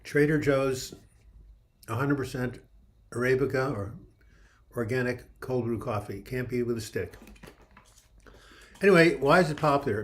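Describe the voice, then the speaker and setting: An older man in his seventies chats on a casual livestream, wandering from one joke to the next as he greets viewers by name. His throat sounds a little dry. He speaks from home into a computer mic. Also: mid-range voice. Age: 70s. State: dry throat with occasional coughing. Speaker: livestream host.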